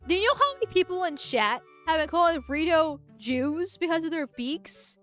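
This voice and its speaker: Here a woman streams gameplay as a vtuber, wandering through her thoughts and starting over often before exploding in swearing tirades at the game, quick to anger throughout. Her very high voice is animated and fairly bright, with faint background music.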